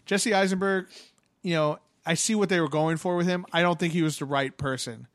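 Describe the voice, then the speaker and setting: A man's voice: a little high, brisk, no room sound, clean studio sound. A man in casual chat, agreeable, chiming in often with short replies.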